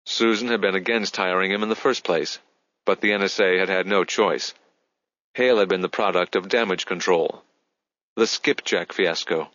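A man narrating a thriller audiobook in a measured, even storytelling manner. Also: fairly low pitch, no room sound, highs cut off. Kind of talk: scripted narration.

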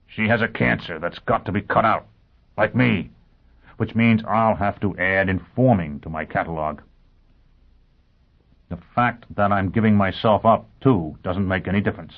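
A man's voice: low voice, moderate pace, pauses often. An actor playing a grim, tormented man who confesses his crimes, speaking with intensity. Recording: tinny phone-like band.

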